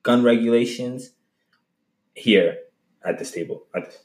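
A man hosting a casual podcast chat, loose and quick to laugh, backing others with mm-hmms. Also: mid-range voice. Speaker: podcast host. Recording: roomy echo.

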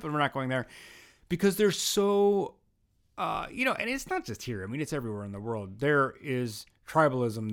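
A young man hosts a podcast in a loose, rambling way. He pokes fun at himself and often starts a sentence over. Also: mid-range voice. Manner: rambling, self-deprecating, many restarts. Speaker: podcast host. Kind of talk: casual podcast monologue.

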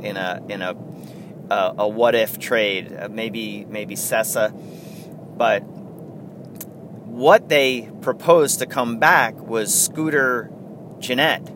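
A man's voice: fairly low pitch, slow, long pauses, background noise. A man hosting a casual sports podcast, rambling and correcting himself as he chats. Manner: rambling, self-correcting, chatty. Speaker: podcast host.

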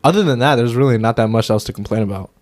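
A man's voice: mid-range voice, very fast, a little mellow, no echo. Male podcaster, casual chat, jokey and loose, dry close sound. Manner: loose and jokey, swears, stumbles on names. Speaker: podcast co-host. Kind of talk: casual movie review chat.

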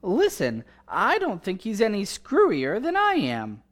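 An actor playing a flustered, excitable husband and father in a 1940s radio drama. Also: high-pitched, a little slow, exaggerated voice. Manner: flustered, exclaiming.

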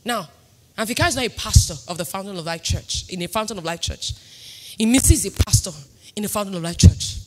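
A Nigerian woman pastor in her thirties preaching a sermon, emphatic and sing-song, swinging between loud declarations and quiet asides. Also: medium pitch, fairly quick, slight background noise. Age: 30s.

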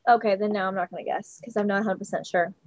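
A woman's voice: medium pitch, steady tone, racing, no echo. A woman on a casual podcast quiz, hesitant and second-guessing her answers. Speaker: podcast co-host. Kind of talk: casual chat. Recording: dry, dull lo-fi audio.

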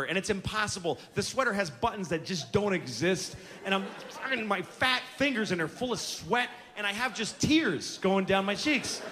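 Performing stand-up on a theater stage, a man in his forties delivers stories in a sharp, high voice, exasperated and full of profanity. The live recording picks up room noise from the audience.

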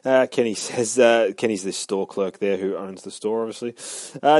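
A man's voice: fairly low pitch, moderate pace, darkish tone, no room sound, studio quality. A man casually recapping a comic book, swearing a lot and rambling with many fillers. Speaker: podcast host.

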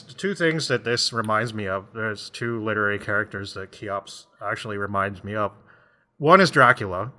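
In a casual chat, a man with a mid-range, pushed and bright voice retells a book's plot. He rambles, laughs often, and acts out voices along the way.

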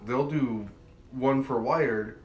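A man co-hosting a podcast, giving blunt, opinionated takes sprinkled with mild swearing. His voice is mid-pitched and echoes around the room. Faint music plays underneath. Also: slow. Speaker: podcast co-host. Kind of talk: casual chat.

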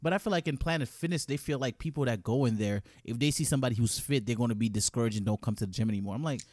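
A man in casual chat as a co-host, animated and often acting out gym banter. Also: medium pitch, rapid-fire, no echo, studio quality. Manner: animated, acts out gym banter in quoted lines.

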